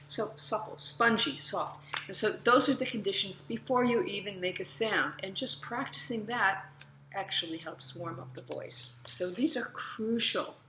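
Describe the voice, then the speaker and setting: A middle-aged woman voice teacher giving a casual lesson, relaxed and chatty, breaking into loud vocal demonstration sounds. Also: medium pitch, measured pace, roomy sound, a little hiss or hum.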